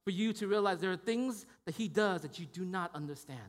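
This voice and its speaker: A man with a high voice preaches in a church, talking to the congregation in a loose, conversational way. He keeps checking in with "right?" and restarts his sentences, and the sound carries a long reverb. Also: brisk. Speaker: pastor. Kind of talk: sermon.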